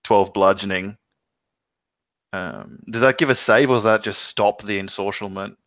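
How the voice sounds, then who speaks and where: A man's voice: fairly low pitch, normal speed, a bit bright, no room sound. A man playing a tabletop game, asking the game master questions in a hesitant way. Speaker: player. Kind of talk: casual tabletop game play.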